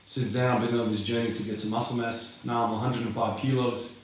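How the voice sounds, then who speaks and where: A man's voice: medium pitch, level tone, a little fast, a little hiss or hum. A young man vlogging casually between heavy lifting sets in his home garage, out of breath, laid-back and swearing as he rambles. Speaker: fitness vlogger. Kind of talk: casual chat between sets, answering live comments. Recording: very echoey garage from far off.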